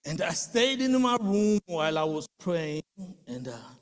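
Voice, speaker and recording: Man, high voice, very lively pitch, emotional testimony, animated storytelling, long hall reverb. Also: a little slow. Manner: animated storytelling, acting out quoted voices and shouting praise. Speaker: person giving a testimony.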